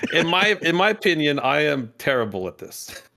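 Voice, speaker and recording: Man streamer guest, modest and laughing, animated bright voice. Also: a little high, moderate pace, creaky. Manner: self-deprecating, laughs often. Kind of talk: casual podcast chat.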